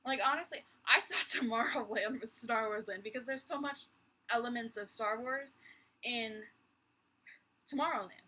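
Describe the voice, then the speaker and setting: A woman's voice: on the high side, moderate pace, bright, forceful tone, rough recording. A young woman vlogging from her bedroom in a rambling, exasperated chat full of sighs and little laughs. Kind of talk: casual chat.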